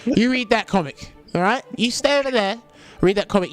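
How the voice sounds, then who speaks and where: Animated high-voiced British commentator. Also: male voice, brisk, soft background music. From United Kingdom. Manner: teasing, animated. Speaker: esports commentator. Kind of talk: casual banter commentary.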